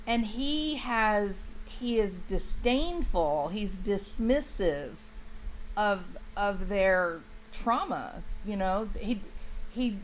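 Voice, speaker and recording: A woman talks through a true crime livestream at an unhurried, drawn-out pace, leaning hard on her points and stumbling into restarts. Her voice sits mid-range, with a faint hiss of room noise behind it. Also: medium pitch, expressive, low-quality recording. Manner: chatty, emphatic, restarts often, talks to viewers by name. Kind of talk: casual livestream commentary, reading chat.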